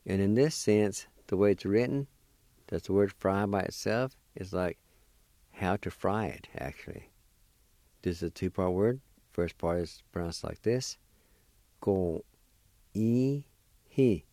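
Slow, low-voiced man teaching vocabulary. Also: mellow, dry recording. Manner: patient, deliberate, letter by letter. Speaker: language teacher. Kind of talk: slow spelling and pronunciation lesson.

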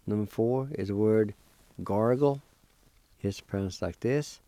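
A man teaching a language lesson, spelling and pronouncing words slowly, letter by letter, and encouraging his listeners. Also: on the low side, dark tone, no room sound. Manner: slow, deliberate, spells letter by letter. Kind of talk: slow spelling and pronunciation lesson.

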